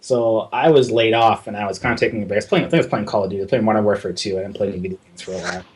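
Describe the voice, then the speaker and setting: Husky, low-voiced young man telling a story. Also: fairly even intonation, racing. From Southern California. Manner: casual, profane, acts out quoted dialogue in his telling. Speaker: guest concept artist. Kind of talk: casual storytelling interview.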